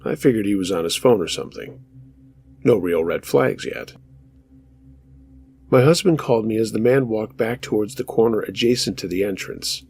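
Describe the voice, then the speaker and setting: Gravelly low-voiced male horror narrator. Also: expressive, normal speed, long pauses, a little mellow, a little hiss or hum. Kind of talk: scripted narration of true scary stories.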